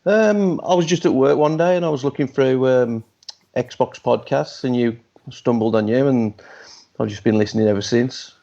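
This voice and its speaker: A man with an English accent and a gravelly edge, speaking modestly and a little hesitantly. His voice comes through a dull, lo-fi mic, with mid-range pitch. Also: normal speed, warm tone. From London, England. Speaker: podcast guest, listener. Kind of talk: casual podcast chat.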